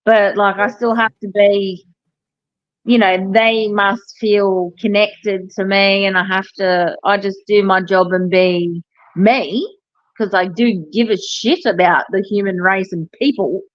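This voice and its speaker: A woman, a hairdresser chatting casually and telling animated stories, with plenty of swearing. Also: mid-range voice, a little slow, no echo, highs cut off. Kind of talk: casual chat.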